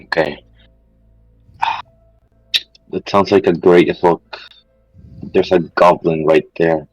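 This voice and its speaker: A man taking part in a tabletop game, chatting and rambling as he describes his moves. His voice is very low and sounds dry and close, with no room echo. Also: steady tone, takes it slowly, darkish tone, lo-fi sound, faint music behind. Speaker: player. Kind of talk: casual tabletop role-play.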